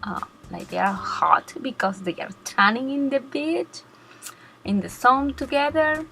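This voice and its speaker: A woman narrating a card-making tutorial step by step, pausing and searching for her words as she explains. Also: high voice, lively intonation, creaky, sharp tone, soft background music. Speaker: cardmaking blogger.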